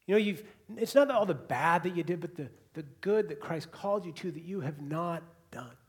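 A man preaching a sermon to a congregation in a church hall, moving between hushed, quiet repetitions and loud, emphatic bursts. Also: a little high, lively intonation, normal speed. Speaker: pastor.

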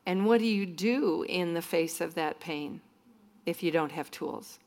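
A woman's voice: on the low side, unhurried, darkish tone. A woman minister telling stories in a sermon-style talk to a church group, often acting out what other people said. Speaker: minister speaking to students.

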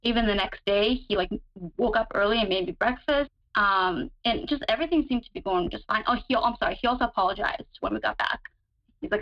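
A woman recounts a personal relationship story in relaxed, rambling conversation. She leans on fillers and restarts, and her voice leaps higher when she acts out alarming moments. The audio is a little dull and lo-fi. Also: a little fast. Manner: chatty, many fillers, relives moments with sudden higher pitch. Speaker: guest describing her relationship. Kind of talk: casual storytelling.

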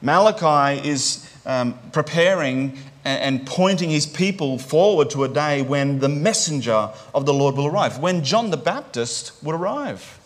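A man's voice: on the high side, animated, a little slow, few pauses. A man preaching a sermon in a conversational way, often checking in with "right?" and restarting his phrases.

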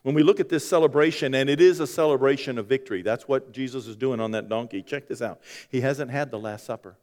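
A man's voice: mid-range voice, fast, darkish tone, in a large hall. A man preaching a sermon in a conversational way, with joking asides to the congregation. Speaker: pastor.

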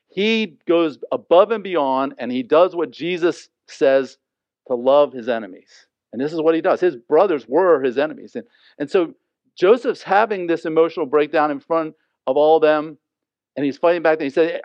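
A man's voice: on the high side, expressive, normal speed, no room sound. A man teaching a Bible passage in an earnest, conversational way, often asking listeners to imagine the scene. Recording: dry, slightly dull lo-fi sound.

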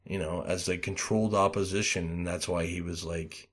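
A man hosting a loose podcast chat in a lowish voice. He rambles through stories with lots of fillers and swears, and bursts into loud, acted-out quotes. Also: steady tone, moderate pace. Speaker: podcast host.

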